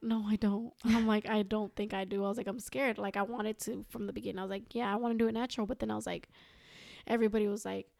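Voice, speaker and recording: A young adult woman with a slightly high, mellow voice and vocal fry guests on a podcast, recorded without echo. In casual chat she tells a long, rambling personal story, quoting herself and others again and again with "I was like."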